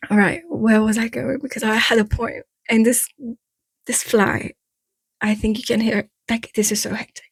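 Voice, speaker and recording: A woman's voice: fairly high pitch, level tone, moderate pace, husky, dry recording. A woman with an Eastern European accent giving frank, chatty breakup advice in a casual vlog, drifting off topic and laughing at herself. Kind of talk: casual direct-to-camera talk.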